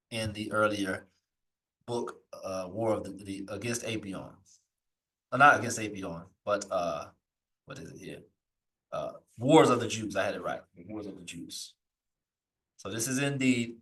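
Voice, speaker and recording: A man teaching a live lesson, reading old texts slowly aloud and then explaining them in loose, searching asides. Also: mid-range voice, a bit bright, far from the mic, poor audio. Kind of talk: live recorded scripture lesson.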